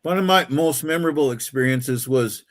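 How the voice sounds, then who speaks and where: A man's voice: mid-range voice, moderate pace. A middle-aged man from Canada on a live stream, telling concert stories with repeats and a trailing "man". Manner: storytelling, repeats words, ends lines with "man". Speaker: co-host. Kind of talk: casual chat.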